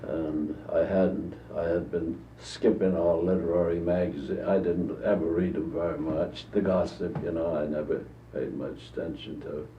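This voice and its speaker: An American man in his eighties, telling long anecdotes in a rambling, halting way during an interview. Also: deep voice, level tone, a little hiss or hum. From United States. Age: 80s. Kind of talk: recorded archival interview. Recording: dull distant 1950s tape in an echoey room.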